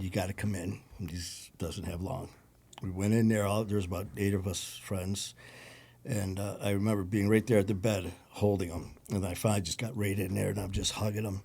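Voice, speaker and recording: A man with a Detroit accent, a podcast guest recounting a personal story in a low-key, conversational way. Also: darkish tone. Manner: gravelly, low-key storytelling with acted quotes.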